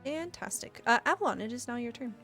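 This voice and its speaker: A woman with a fairly high voice runs a tabletop game as game master. She reads rules text out in an even, matter-of-fact way, then slips back into easy table chat. Faint music plays underneath. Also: fast talker.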